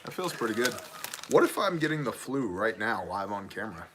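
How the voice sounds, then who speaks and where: A man's voice: fairly low pitch, very animated, fairly quick, noisy background. A man from Wisconsin hosting a casual livestream, joking and laughing often. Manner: joking, laughs often, mock Canadian voices. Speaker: livestream host.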